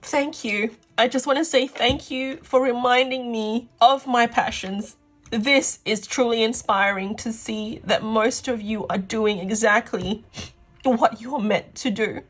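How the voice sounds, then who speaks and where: A fairly high-voiced woman reads tarot cards for her viewers in a gushing, effusive way. She is tearful and emotional and keeps heaping praise on them. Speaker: tarot reader. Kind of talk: pick-a-card tarot reading.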